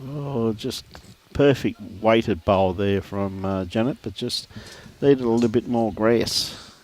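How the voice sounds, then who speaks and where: A man's voice: on the low side, slow, a little mellow. A man with an Australian accent giving live lawn bowls commentary outdoors, chatty and laughing often as he greets viewers by name. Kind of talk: live sports commentary and casual chat.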